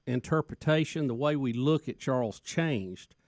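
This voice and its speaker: A man's voice: mid-range voice, normal speed, darkish tone, dry recording, clean studio sound. A man co-hosting a radio show, making teasing, joking asides. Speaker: radio co-host. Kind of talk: casual talk-radio banter.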